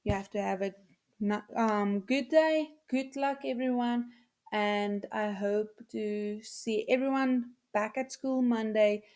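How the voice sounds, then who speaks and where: A woman, a teacher explaining step by step in a recorded video lesson, patiently repeating numbers slowly for her students. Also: on the high side, darkish tone.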